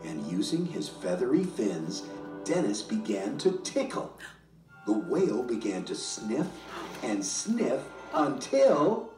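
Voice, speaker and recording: Slow, sing-song woman teacher reading aloud. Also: extremely low pitch, big pitch swings, a little mellow. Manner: slow, sing-song, asks the children questions. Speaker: nursery school teacher. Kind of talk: storybook read-aloud for children. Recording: echoey room, mic far off, faint music.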